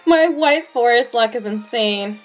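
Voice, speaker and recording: A woman live-streams a game, rambling excitedly with a shaky thrill in her voice. Her pitch is a little high, her pace unhurried, and faint music plays in the background.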